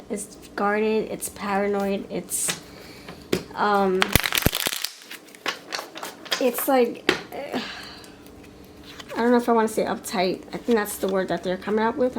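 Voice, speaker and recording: A woman's voice: mid-range voice, a little slow, pauses often, background noise. Rambling, frank woman reading tarot cards. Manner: rambling, frank, thinks aloud with fillers and restarts. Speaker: tarot reader. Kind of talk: pick-a-card tarot reading.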